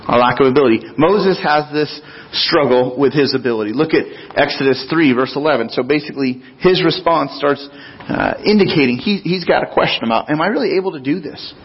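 A man's voice: on the high side, a little fast, breathy edge. A man preaching a conversational sermon as pastor in a church, acting out quotes with folksy asides. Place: church sanctuary. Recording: dull lo-fi recording.

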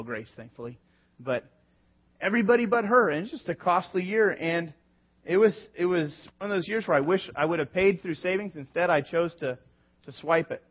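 A man in his thirties with a notably high voice delivers a sermon, talking through a personal story in a loose, conversational way and acting out quoted lines. The recording is a little dull and lo-fi. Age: 30s. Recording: slightly dull lo-fi sound.

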